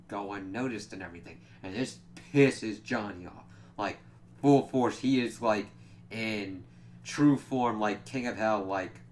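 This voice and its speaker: Male comic reviewer, casual and animated, slightly low voice, light background hum. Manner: animated retelling, acts out characters' lines, frequent "like".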